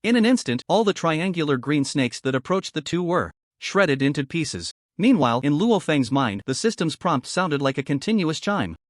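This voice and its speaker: A male narrator reading a fantasy recap with an animated, dramatic delivery. His voice sits a bit high and swings widely in pitch. The recording is dry and close. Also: normal speed, hardly any pauses, no room sound.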